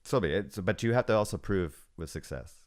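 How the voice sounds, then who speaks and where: Middle-aged man, extremely low voice, slow considered podcast talk. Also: animated, darkish tone. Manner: measured, hesitant, thinks aloud. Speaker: podcast guest, former snowboard shop manager. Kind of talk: casual podcast conversation.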